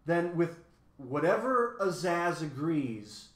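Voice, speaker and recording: A man's voice: a little high, big pitch swings, slow, voice pushed up. A man voicing a curious, earnest young boy in a storybook, recorded in an echoey room.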